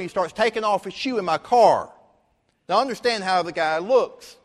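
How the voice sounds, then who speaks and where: High-voiced male preacher in a reverberant hall. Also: normal speed. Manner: lively storyteller, often acting out dialogue. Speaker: pastor. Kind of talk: storytelling sermon. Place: church sanctuary. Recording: long reverb of a large hall.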